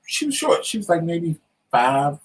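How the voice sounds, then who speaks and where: A man's voice: a little high, a little slow, poor audio. A man co-hosting a casual talk show, telling a story and acting out the voices of the people in it. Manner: animated storyteller, acts out quotes.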